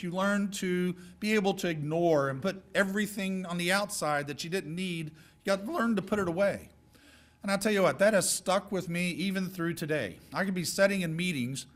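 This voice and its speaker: A middle-aged man giving a folksy, joking speech of advice to high school seniors. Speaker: guest speaker.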